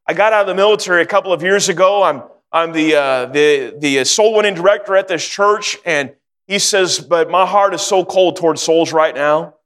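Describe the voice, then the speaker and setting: A man's voice: high-pitched, fairly bright tone, long reverb tail. A man preaching a sermon, telling a personal story in an earnest way and building to fervent exhortation.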